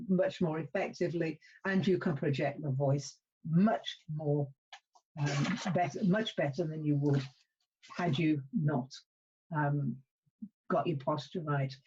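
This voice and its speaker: A woman from the UK presenting a webinar on voice and speaking, with an animated, rising and falling delivery over a video call. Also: lo-fi sound. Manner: lively, animated, talks up and down in pitch.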